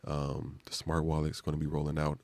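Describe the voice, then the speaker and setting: A man with an extremely low, gravelly voice talks loosely on a live stream. He rambles in casual slang and leans on fillers as he goes. The gravel in his voice is strong throughout. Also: monotone, fairly quick, darkish tone.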